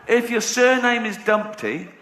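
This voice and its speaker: Brash man doing stand-up, echoey hall. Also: high voice. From England. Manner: brash, profane, storytelling with laughter. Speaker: comedian. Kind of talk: stand-up comedy. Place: live comedy venue. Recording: echoey live venue with room noise.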